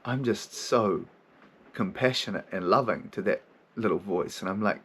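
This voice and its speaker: A man's voice: on the low side, moderate pace, fairly bright tone, breathy edge. A man who hosts a podcast and works as a therapist, speaking frankly in a casual monologue, swearing freely, laughing often and acting out his own inner voices.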